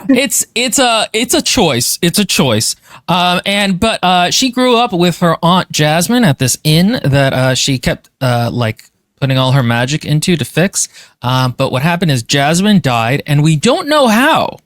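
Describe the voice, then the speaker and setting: A podcast co-host chatting about a novel in an animated, incredulous way. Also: mid-range voice, no echo, studio quality. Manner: animated, incredulous, quick bursts. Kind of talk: casual book-review chat.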